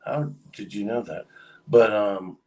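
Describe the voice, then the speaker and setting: A man's voice: on the low side, fairly even intonation, measured pace, dark tone, far from the mic, rough recording. A man casually telling a long story on a livestream, rambling with lots of fillers. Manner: rambling, many fillers, acts out quoted voices.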